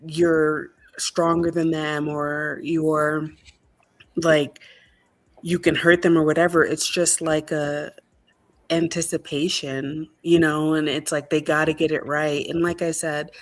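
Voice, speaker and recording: A woman's voice: deep voice, level tone, slow. A woman from Colorado calling in to a casual talk show, blunt and chatty with lots of fillers. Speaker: guest caller. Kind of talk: casual call-in chat.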